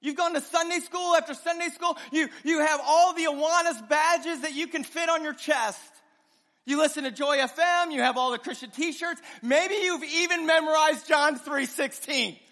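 A pastor preaching a sermon with passion, his voice swinging between loud and hushed. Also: very high voice, normal speed. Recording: long reverb of a large hall.

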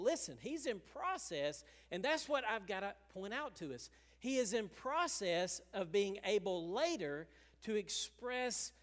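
High-voiced preacher in a reverberant sanctuary. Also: male voice. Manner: animated preaching, chuckling, acts out quotes. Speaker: pastor. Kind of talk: sermon.

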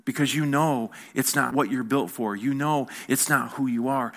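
A man preaches a sermon in a relaxed, conversational way. His voice sits at an ordinary, middle pitch. He keeps asking the room questions and often repeats words as he works through a thought. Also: moderate pace. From United States. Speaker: pastor.

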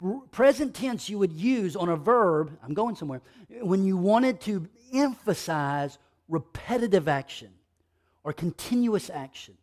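A man preaching a sermon, moving between quiet, low passages and loud, emphatic bursts of repeated phrases. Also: expressive, a little slow. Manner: fervent, repetitive preaching. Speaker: pastor.

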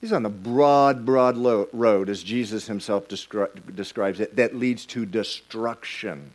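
A man's voice: lowish voice, unhurried, a little mellow. A middle-aged man preaching a sermon as pastor, emphatic and repeating himself as he builds his points. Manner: emphatic, repeats words and restarts lines while preaching.

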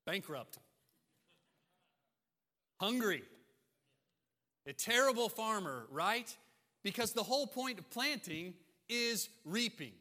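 A man's voice: sits high, lively intonation, slow pace, long pauses, pushed and bright. A man preaching a sermon as pastor, emphatic and repeating key phrases for emphasis. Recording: long hall reverb.

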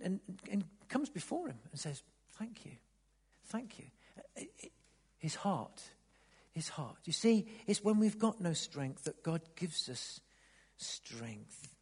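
A man preaching a sermon, dropping to near-whispers, then rising to loud emphatic bursts, often repeating words as he restarts. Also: sits high, breathy edge. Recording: long reverb of a large hall.

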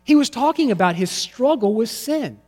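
A man preaching from the pulpit with a high-pitched voice, his words ringing out in the long reverb of a large hall. He swings from forceful emphasis down to near-whispered lows, a dynamic sermon delivery. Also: animated, normal speed. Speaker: pastor.

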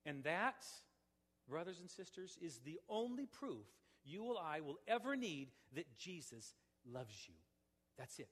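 A man preaching to a congregation, his voice set a little high for a man. He moves between urgent, forceful proclamation and hushed, pleading appeals. The sound rings with a long hall reverb from the church room. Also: sing-song, measured pace, breathy edge. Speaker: pastor. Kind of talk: sermon.

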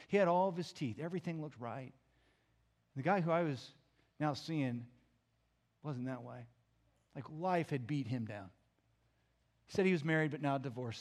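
A man preaching as a pastor, telling a personal story in an animated way that swings between loud and hushed. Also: fairly high pitch, in a large hall. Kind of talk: storytelling sermon.

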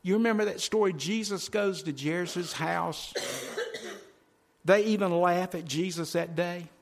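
A male preacher giving a sermon in a folksy way, talking straight to the congregation and swinging from loud, driving phrases to hushed ones. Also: sits high, animated, normal speed, gravelly. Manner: folksy, addresses congregation directly.

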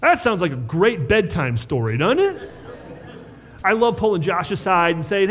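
A man's voice: sits high, sing-song, moderate pace, a bit bright, big-room sound. A man preaching a sermon as pastor, talking conversationally and checking in with rhetorical questions.

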